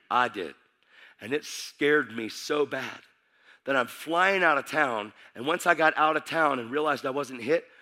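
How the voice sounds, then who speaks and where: Man telling his testimony from the pulpit, bright and forceful, real urgent. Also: mid-range voice. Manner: urgent, vivid storytelling. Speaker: preacher giving testimony. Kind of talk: sermon testimony.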